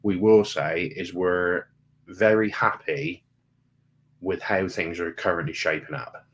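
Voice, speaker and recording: A man chats casually on a travel live stream. His voice sits very low, and he speaks in a relaxed, plain way, often circling back to repeat a point. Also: a little slow, a little hiss or hum. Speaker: travel vlog co-host.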